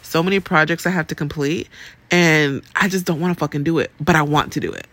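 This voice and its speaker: A woman's voice: sits low, steady tone, quick pace, a bit bright, no echo. A woman hosting a podcast, venting in a rambling, casual way and swearing freely. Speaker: podcast host. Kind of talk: casual chat. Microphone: podcast mic.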